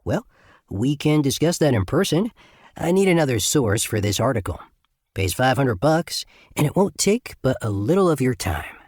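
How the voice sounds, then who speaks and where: A man voicing his narrator putting on a clear, friendly reporter's voice with a slight Midwest twang. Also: medium pitch, sing-song, normal speed, no echo, clean studio sound, pitched above the performer's own voice. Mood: cheerful.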